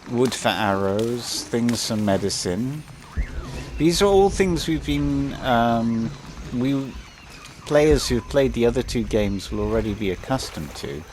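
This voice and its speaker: A man's voice: medium pitch, expressive, slow, a little mellow, a little hiss or hum. A man giving casual, rambling gameplay commentary, hesitant and full of fillers.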